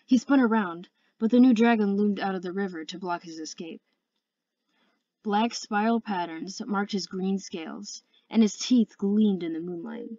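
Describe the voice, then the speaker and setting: An earnest woman reading a fantasy novel aloud at home, careful and steady, stumbling over a word now and then. Her voice sits at a middle pitch and sounds somewhat muffled and close, with a dry, echo-free sound. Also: normal speed. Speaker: audiobook reader. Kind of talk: amateur audiobook narration.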